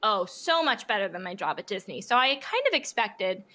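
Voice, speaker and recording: Bright-voiced young woman telling lively stories. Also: medium pitch, brisk. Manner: animated storyteller who acts out quotes and swears freely. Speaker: guest streamer. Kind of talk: casual podcast interview chat.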